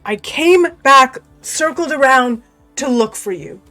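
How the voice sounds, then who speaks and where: A blunt, exasperated male town sheriff, voiced by a woman running a tabletop game. He talks straight and in a fairly high register, with faint music under the recording. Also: animated, slow pace, sharp tone, heavily acted. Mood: uneasy. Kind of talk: tabletop role-play.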